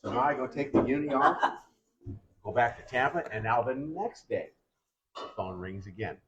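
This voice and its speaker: An older man, a retired baseball pitcher, telling his career stories in casual chat and acting out the lines of the people in them. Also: moderate pace. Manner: animated, acts out other people's lines in quotes. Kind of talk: casual storytelling. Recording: dull lo-fi sound.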